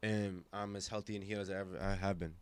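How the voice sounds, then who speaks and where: A man's voice: sits low, fast, smooth. Young man telling an emphatic story. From Germany. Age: 20s. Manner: animated, emphatic, acts out quoted voices, frequent restarts. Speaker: podcast guest. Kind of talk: casual storytelling conversation.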